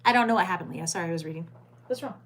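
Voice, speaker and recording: A woman's voice: fairly low pitch, racing, a bit bright, a little hiss or hum. A woman hosting a late-night livestream, chatting with viewers by name and reading crime headlines aloud. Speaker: livestream host.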